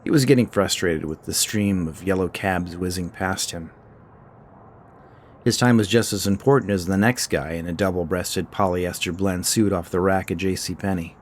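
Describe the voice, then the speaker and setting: A man narrating a short fiction story in a measured, scripted storytelling style. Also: low voice, slight background noise.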